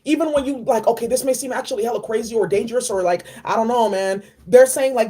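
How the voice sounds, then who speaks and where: A woman giving a casual spiritual card reading, animated and slangy, repeating key phrases. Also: a little high, fast, hardly any pauses, breathy edge. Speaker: tarot and oracle card reader.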